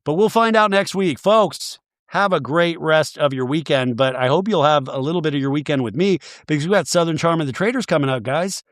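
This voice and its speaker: A man hosting a podcast, recapping TV in a chatty, animated, profane way into a close mic. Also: fairly high pitch, brisk, few pauses, no echo. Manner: chatty, animated, swearing freely. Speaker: podcast host. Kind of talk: casual comedic TV recap.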